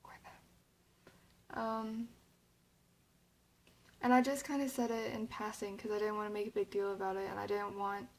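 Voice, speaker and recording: A woman's voice: mid-range voice, vocal fry, poor audio. A young woman talking casually to her camera, rambling, with lots of "like" and fillers, and sounding a little emotional. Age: young adult. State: emotional, near tears. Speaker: vlogger.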